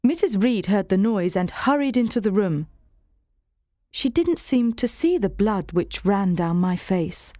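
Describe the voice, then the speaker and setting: A woman reading a storybook aloud in a steady, clear first-person voice. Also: mid-range voice, measured pace, dry recording, clean studio sound. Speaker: narrator. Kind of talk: scripted storybook narration.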